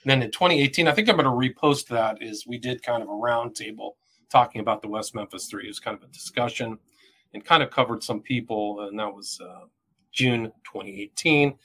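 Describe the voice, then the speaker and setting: A man's voice: mid-range voice, brisk, bright, forceful tone, slightly rough. A man hosting a podcast, talking in a loose, rambling way with lots of "kind of" fillers. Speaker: podcast host. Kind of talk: casual podcast interview.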